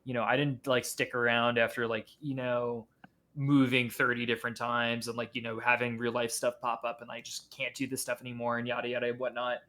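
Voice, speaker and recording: A man talking casually as a podcast guest. He speaks haltingly, circling back and restarting his sentences, with a voice of middling pitch. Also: monotone, pushed and bright. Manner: halting, many fillers and restarts.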